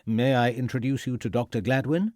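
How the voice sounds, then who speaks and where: A man's voice: medium pitch, brisk, a little mellow, no room sound, lightly acted. A haughty, short-tempered schoolmaster in a period mystery audiobook, as a narrator voices him. He snaps his lines curtly, with little patience for anyone. The recording is dry and close. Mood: irritated. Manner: curt and irritated.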